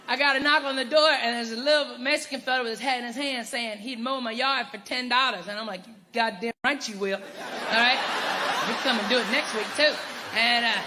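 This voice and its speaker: A man performs a brash, profane stand-up set, firing off punchlines in a strikingly high voice. The room is a big hall with long reverb, and a loud audience laughs throughout. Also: noisy background. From Arkansas, US. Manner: brash, profane, punchy delivery with crowd work. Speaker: stand-up comedian. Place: large comedy venue with live audience.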